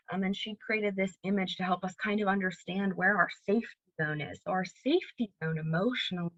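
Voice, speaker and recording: A woman's voice: medium pitch, dry recording, lo-fi sound. A woman giving a recorded library presentation, explaining ideas steadily and walking through examples. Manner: clear, steady teaching delivery with examples.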